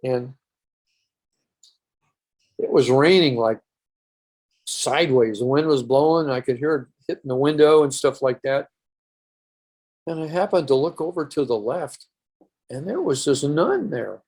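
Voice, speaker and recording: A man's voice: mid-range voice, expressive, a little slow, long pauses, a little mellow. An older man, a podcast guest, recounting a personal story earnestly in a rambling way with restarts.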